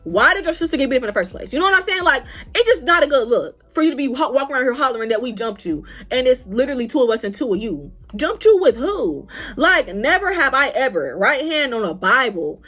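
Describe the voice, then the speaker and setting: A young woman telling a story to her vlog audience in an animated, profane, casual way. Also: high-pitched, quick pace, hardly any pauses, soft background music. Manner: animated, profane, acts out other people's lines. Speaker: vlogger.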